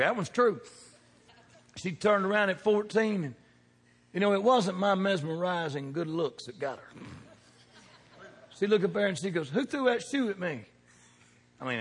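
A man in his fifties preaching a sermon, joking and throwing call-and-response questions at the congregation, swinging from loud to hushed. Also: fairly high pitch, breathy edge. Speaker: pastor. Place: large church sanctuary. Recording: long hall reverb.

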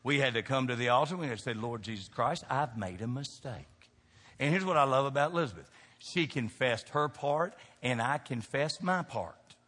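Bright-voiced preaching man in a reverberant hall. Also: medium pitch, lively intonation, normal speed. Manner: emphatic preaching with call-and-response questions; folksy, joking asides to the congregation. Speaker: pastor. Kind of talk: sermon.

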